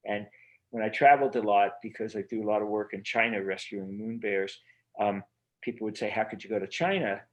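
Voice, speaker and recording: A man's voice: on the low side, brisk. A man being interviewed as an author, talking in an earnest, rambling way with many fillers and restarts over a remote video call. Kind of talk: casual interview conversation.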